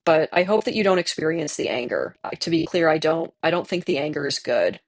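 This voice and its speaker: A streamer in their twenties, hoarse from tonsillitis, chatting candidly with viewers and laughing often while playing a game. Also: medium pitch, animated, a little fast, dry recording. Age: 20s. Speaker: livestreamer reading chat.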